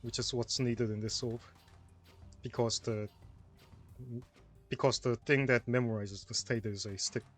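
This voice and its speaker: A man's voice: mid-range voice, steady tone, a little slow, pauses often, soft background music. A man co-commentating on a tournament stream, explaining puzzle mechanics in a hesitant way with restarts and fillers. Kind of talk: casual puzzle-solution commentary.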